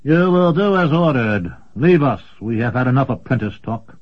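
A man's voice: mid-range voice, expressive, normal speed, pitched above the performer's own voice, close to an everyday voice. A man voicing a haughty older male sorcerer who gives orders in a curt, raised voice. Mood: commanding. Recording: dull lo-fi recording.

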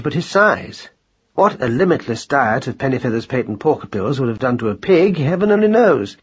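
A man narrating a storybook in a measured, gently wry telling. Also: medium pitch, slightly rough, dull audio. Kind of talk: audiobook narration.

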